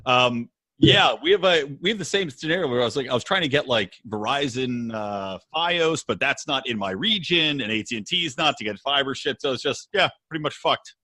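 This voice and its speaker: Bright-voiced man swearing casually on a call. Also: mid-range voice, fairly quick, hardly any pauses, dry recording. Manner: relaxed, swears freely. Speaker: guest podcaster. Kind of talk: casual chat over an internet call. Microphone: internet call audio.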